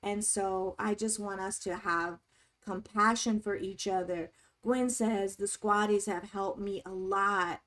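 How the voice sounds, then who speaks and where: A woman's voice: medium pitch, steady tone, unhurried, a bit bright. A woman hosting a casual livestream chat, reading viewers' comments aloud and speaking to them in a supportive, encouraging way. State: tearing up. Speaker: livestream host.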